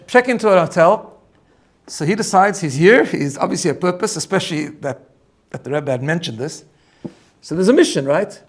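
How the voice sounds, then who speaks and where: A middle-aged man, a rabbi, telling a story in a lively way and often repeating words as he builds it up. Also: on the high side. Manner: animated, repeats words when excited. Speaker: rabbi teaching personal growth. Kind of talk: storytelling talk.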